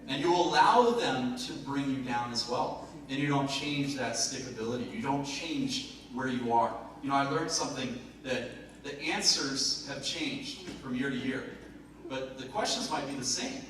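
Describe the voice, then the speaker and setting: A man giving a lively motivational talk to a live audience, joking and asking the room questions. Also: mid-range voice, normal speed. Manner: lively, jokey, asks the crowd questions. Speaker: motivational speaker. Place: event hall before a live audience. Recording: very echoey hall, speaker far from mic, noisy.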